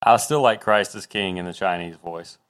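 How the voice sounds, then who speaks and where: A man's voice: low-pitched, normal speed, a bit bright, smooth. A man co-hosting a podcast in casual chat, making wry joking asides. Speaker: podcast co-host.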